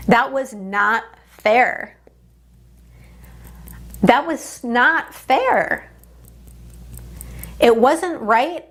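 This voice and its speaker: A woman coach leading a guided tapping session, speaking in deliberate, repeated affirmations. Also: fairly high pitch, fairly bright tone.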